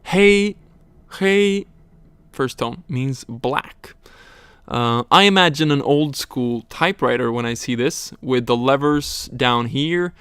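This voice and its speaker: A man teaching a recorded language lesson, slowly explaining words, tones and examples. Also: medium pitch, a bit bright, clear, resonant tone, dry recording.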